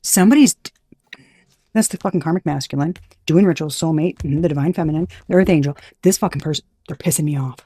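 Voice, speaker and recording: A woman's voice: sits low, quick pace, dark tone, husky, no echo, studio quality. A woman giving a casual channeled tarot reading, blunt and profane, who gets fired up, trails off and restarts often. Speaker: intuitive tarot reader.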